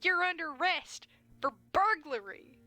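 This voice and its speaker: A woman doing a loud goofy deputy. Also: very high voice, lively intonation, a little slow, no echo, voice pushed up, exaggerated voice. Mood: bossy. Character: loud, dim, sweet deputy man.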